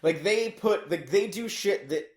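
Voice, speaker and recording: Animated rambling man in an echoey room. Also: sits high, unhurried. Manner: animated, rambling, heavy filler "like". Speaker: podcast co-host. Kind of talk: casual chat recapping a movie.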